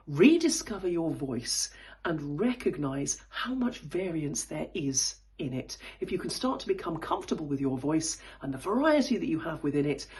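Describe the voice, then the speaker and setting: Husky-voiced woman coaching public speaking. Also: a little mellow. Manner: demonstrates high and low pitch while explaining; thoughtful, with frequent fillers and restarts. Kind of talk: spoken voice lesson.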